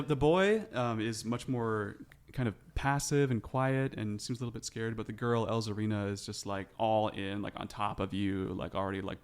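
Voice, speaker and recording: A man with a lowish voice narrating as game master of a tabletop game. He describes scenes in a relaxed, chatty way, full of fillers and asides. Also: clean tone.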